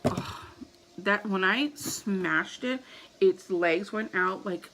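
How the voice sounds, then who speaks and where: Animated storytelling woman with gravelly edge. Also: medium pitch, takes it slowly, low-quality recording. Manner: animated, acts out her own panicked reactions. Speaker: vlogger. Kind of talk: casual storytelling to camera.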